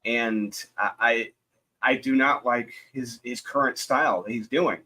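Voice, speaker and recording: A man's voice: mid-range voice, a little slow, pushed and bright, rough recording. A man co-hosting a comic chat who stammers and gives blunt opinions. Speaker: co-host. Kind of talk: casual chat.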